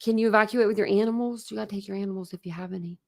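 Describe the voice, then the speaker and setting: A woman's voice: mid-range voice, steady tone, racing, vocal fry. Chatty woman hosting a livestream. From Ohio, USA. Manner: chatty, rambling, frequent fillers. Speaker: livestream host. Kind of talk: casual livestream chat.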